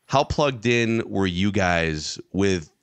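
Guy on a podcast throwing out long rambly questions, lowish voice, dry sound. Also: lively intonation, takes it slowly, smooth, no room sound. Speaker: podcast host. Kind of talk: casual podcast chat.

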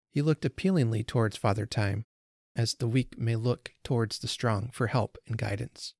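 A man hosting a podcast, reading a story aloud in measured, unhurried narration. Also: mid-range voice, dry recording, studio quality. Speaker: podcast host.

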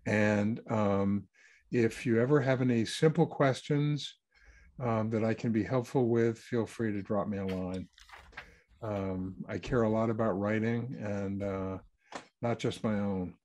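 A man's voice: on the low side, fairly even intonation, unhurried, a little mellow, a little hiss or hum. A man, a published author, answering questions in an easygoing, anecdotal way over a video call. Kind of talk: online Q&A talk.

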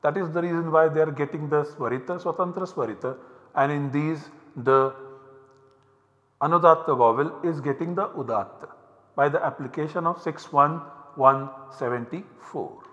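Indian english guy lecturing slowly, pauses a lot, kinda dull recording with long hall echo. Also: a little high, a bit bright. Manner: measured, explanatory, with frequent pauses.

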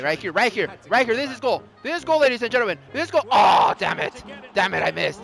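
A young man giving live commentary on his own gameplay, excitable, laughing and shouting often, switching between Spanish and English exclamations. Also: high voice, fast talker, gravelly, music in the background. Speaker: gaming YouTuber.

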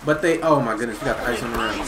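Talking rapid-fire in a mid-range voice, a young gaming YouTuber narrates his basketball video game live, flipping from excitement to frustrated outbursts as he yells at the screen. Loud game music and heavy background noise fill the roomy-sounding recording.

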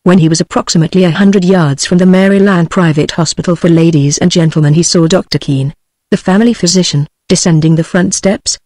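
A woman's voice: lowish voice, dry recording. Brief: British English TTS woman, audiobook narration, dry close sound. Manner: even, synthetic reading. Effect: text-to-speech voice. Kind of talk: scripted narration.

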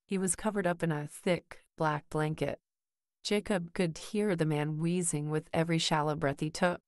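A woman reads a horror story aloud in a low voice. Her delivery is slow and measured. The recording is dry and close. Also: fairly even intonation, dry recording. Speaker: narrator. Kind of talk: scripted horror story narration.

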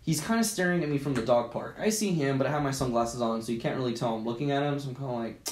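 Podcast co-host, a man, middle-pitched, spins a profane anecdote in an echoey room. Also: fast, slight background noise. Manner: profane, animated retelling with acted-out quotes. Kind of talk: casual chat, storytelling. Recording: roomy echo.

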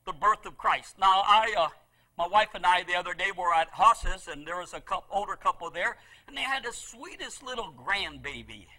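This middle-aged pastor sits high in his range as he preaches with passion, animated and at a moderate pace. He keeps repeating phrases, alternating booming emphasis with quiet asides, and the recording quality is low.

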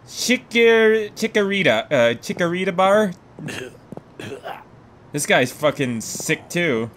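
A man giving excitable, swearing let's play commentary as a gaming YouTuber, laughing often. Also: sits high, slow pace, long pauses. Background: game music.

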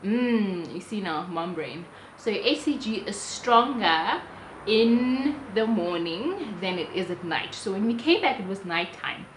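A young woman with a South African accent tells her own story to the camera in a lively, chatty vlog manner. She jumps back to restart sentences and keeps a casual, confiding tone. The room is roomy, and a faint ambient hum sits underneath her. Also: mid-range voice, a little slow. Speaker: vlogger.

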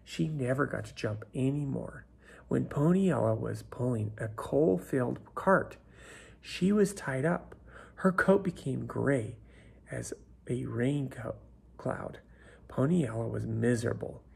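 A man reading a children's picture book aloud, unhurried, often dropping to a whisper. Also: mid-range voice, creaky, husky. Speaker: storybook reader. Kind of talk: children's story read aloud.

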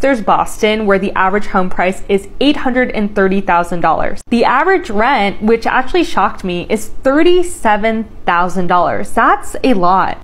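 Woman reading out city costs with wry asides. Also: mid-range voice. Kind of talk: scripted explainer to camera.

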